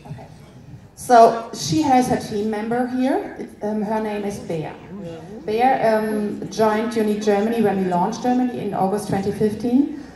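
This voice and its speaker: A woman introducing a guest on stage as team leader and interpreter, speaking haltingly with many fillers. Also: on the high side, steady tone, dark tone, distant mic. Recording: echoey hall from afar with crowd.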